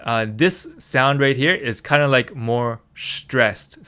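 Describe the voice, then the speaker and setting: A man teaching language in a relaxed live session, taking his time. His voice is bright and smooth, and he patiently repeats syllables again and again while filling pauses with "like". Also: medium pitch. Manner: patient, drills syllables by repeating them, many "like" fillers. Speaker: Korean language tutor. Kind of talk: casual live tutoring.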